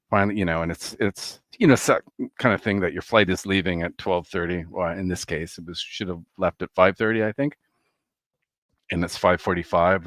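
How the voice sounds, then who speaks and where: A man chatting casually and excitedly about records he bought, telling a rambling travel story with laughs and swearing. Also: low voice, no echo. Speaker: vinyl record collector vlogger.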